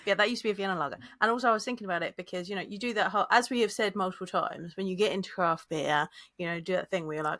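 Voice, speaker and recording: A woman's voice: medium pitch, racing, few pauses, pushed and bright, no room sound, clean studio sound. A woman from Boston co-hosting a podcast, chatting enthusiastically about beer and laughing often. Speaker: podcast co-host. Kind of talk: casual chat about beer.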